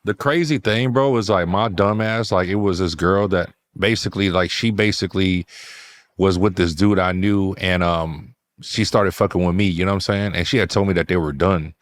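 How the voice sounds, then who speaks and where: A man's voice: sits low, moderate pace. A man co-hosting a podcast, talking in loose, slangy chat full of fillers. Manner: slangy, full of "you know what I'm saying". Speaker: podcast co-host. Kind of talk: casual chat.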